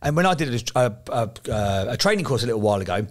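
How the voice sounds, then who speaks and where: Fast-talking sweary English man. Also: mid-range voice, big pitch swings. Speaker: podcast co-host. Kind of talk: casual chat.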